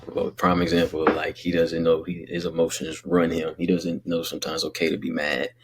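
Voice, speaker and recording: A young man speaking in a very low, gravelly voice with a lot of fry, talking straight to his listeners. His delivery is earnest and rambling, full of casual slang, like a friend giving heartfelt advice in a vlog. The tone is rough and breathy rather than clean. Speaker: vlogger giving life advice. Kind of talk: casual motivational vlog talk.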